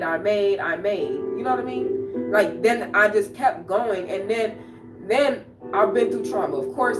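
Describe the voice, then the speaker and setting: A woman talks on her livestream in a raw, confrontational way, circling back over the same phrases. Her voice sits at an ordinary middle pitch and comes from some distance off the mic. The room rings with echo, and clear music plays underneath. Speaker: poet and livestream host. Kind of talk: emotional livestream monologue.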